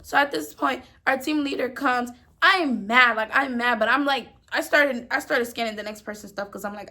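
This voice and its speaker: A young woman tells a dramatic workplace story straight to her phone camera, talking in an animated, emphatic way with plenty of slang. Her voice is bright and a bit raised, and it has a gravelly fry running through it. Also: fairly high pitch, moderate pace, hardly any pauses. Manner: animated, emphatic retelling with slang and repeated words. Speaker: storyteller vlogger. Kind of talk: casual storytime vlog.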